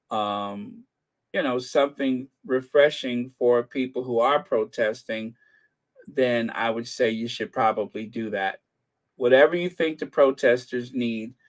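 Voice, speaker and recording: An older man hosting a casual livestream, rambling with jokey asides. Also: medium pitch. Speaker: channel host.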